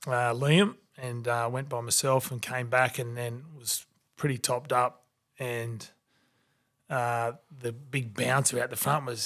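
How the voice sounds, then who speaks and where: Australian man, forties, podcast guest, storytelling, mid-pitched voice. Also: normal speed. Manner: animated anecdotes, acting out quoted voices. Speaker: guest, former rugby league player.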